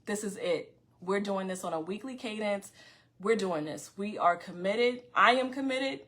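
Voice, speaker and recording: Fast, loud New woman podcasting. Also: mid-range voice. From Far Rockaway, Queens, New York. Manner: fast and loud, scattered restarts. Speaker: podcast host. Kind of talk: casual livestream talk to viewers.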